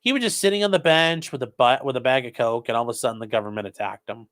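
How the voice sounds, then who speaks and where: A man's voice: medium pitch, fast, a bit bright. A man hosting a casual commentary stream, reading viewer messages aloud and answering them sarcastically. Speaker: host reading chat.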